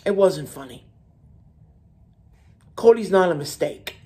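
His voice sits high and sounds expressive and dark, and he speaks slowly. The man hosts a wrestling commentary channel by himself, ranting with heat and emphasis while repeating points and restarting words.

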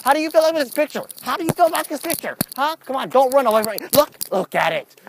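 A man vlogging comically outdoors, pleading and shouting goofily after ducks that ignore him. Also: extremely high pitch, fast, creaky. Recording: noisy outdoor recording.

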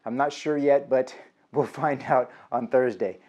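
A man teaching aikido in an instructional vlog, talking in an energetic, encouraging way. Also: medium pitch, measured pace.

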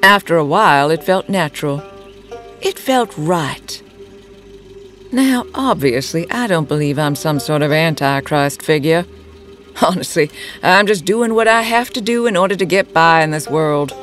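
A woman playing a sultry, menacing cult leader who talks in a slow, teasing, purring drawl. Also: low-pitched, animated, faint music behind. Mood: sly. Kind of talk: audio drama acting.

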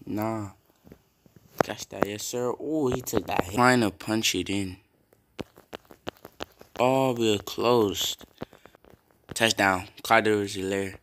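Slow-talking young man reacting to gameplay. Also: lowish voice, noisy background. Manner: reactive, swears often, bursts into loud yells. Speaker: gamer streaming a football video game. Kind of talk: casual gameplay commentary.

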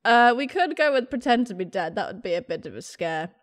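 A woman's voice: medium pitch, very animated, a little fast. A young woman giving casual, gushing commentary on a video game she plays, bubbly and often giggling. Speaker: let's play gamer.

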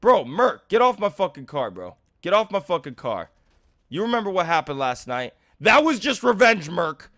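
A young man with a lisp doing live gameplay commentary, who swings between low muttering and loud, swearing rage outbursts. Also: big pitch swings, normal speed, no room sound. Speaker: gaming streamer.

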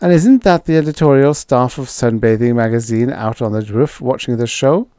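A man's voice: medium pitch, normal speed, warm tone, smooth, dry recording, clean studio sound, voice pushed up, lightly acted. A man voicing an acid-tongued young secretary. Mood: tart. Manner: acid, curt retorts.

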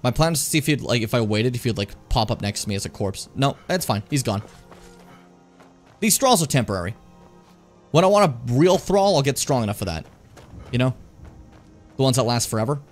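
This streamer, a man of medium pitch, talks briskly but pauses often while playing a fantasy role-playing game. He jokes and chats animatedly with his viewers in casual commentary, with soft music in the background.

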